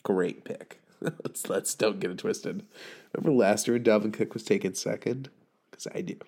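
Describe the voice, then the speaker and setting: Man, 30s, gravelly, sarcastic, profane, rambling, sick with covid. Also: on the low side, moderate pace, a little mellow. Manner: sarcastic, swearing, ranting, laughing at own jokes. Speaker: fantasy league podcaster. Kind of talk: profane rambling recap monologue.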